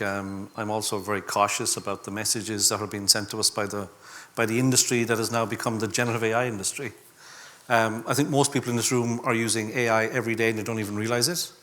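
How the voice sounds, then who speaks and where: A man's voice: on the low side, fairly even intonation, fast talker, sharp tone. A man speaking as a conference panelist, bluntly voicing skeptical opinions. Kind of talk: panel discussion. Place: conference hall stage.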